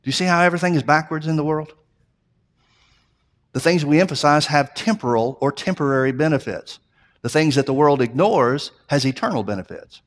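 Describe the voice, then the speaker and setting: A man's voice: fairly high pitch, fairly quick. Man preaching an earnest sermon. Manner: earnest preaching with rising emphasis; repeats himself, restarts phrases. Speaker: pastor.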